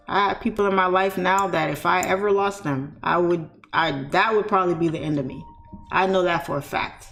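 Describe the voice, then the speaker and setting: Gravelly-voiced woman chatting heart to heart. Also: fairly low pitch, fairly bright tone. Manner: candid, rambling, frequent you-know fillers. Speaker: trading streamer. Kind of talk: casual heartfelt chat.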